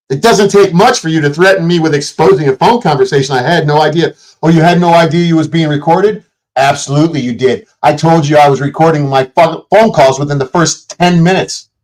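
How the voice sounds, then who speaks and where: A man's voice: on the high side, rough recording. A man on a livestream, delivering an angry, profanity-laden rant aimed at commenters and critics. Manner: profane, combative, shouting at chat. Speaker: streamer. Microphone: streaming setup mic.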